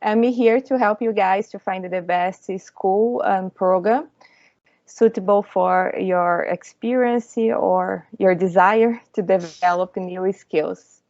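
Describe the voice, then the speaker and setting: A woman's voice: medium pitch, takes it slowly, darkish tone, no room sound. Brazilian woman advisor in simple English. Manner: simple, slightly ungrammatical English. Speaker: study advisor. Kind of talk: self-introduction on a webinar. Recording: dull lo-fi audio.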